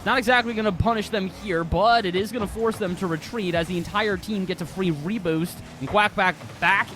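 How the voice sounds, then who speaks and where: High-voiced excitable esports caster man. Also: a little fast, faint music behind. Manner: excitable, jumps high on big plays. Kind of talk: live play-by-play commentary.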